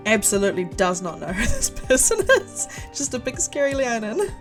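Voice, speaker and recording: A woman's voice: fairly high pitch, very animated, normal speed, over music. A woman player in casual game chat, chatty and amused.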